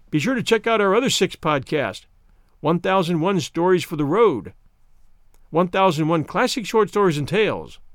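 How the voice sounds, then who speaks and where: A man's voice: a little high, dry recording, clean studio sound. A man hosting a podcast, giving a scripted sign-off with thanks to listeners in an upbeat announcer manner. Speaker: podcast host.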